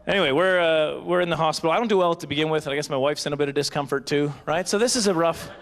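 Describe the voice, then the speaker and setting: A man in his forties doing live stand-up, his voice sitting a little higher than most men's. He rambles and chuckles his way through self-deprecating tangents. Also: rapid-fire, a little hiss or hum. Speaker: stand-up comedian. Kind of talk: stand-up comedy. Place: live banquet stage.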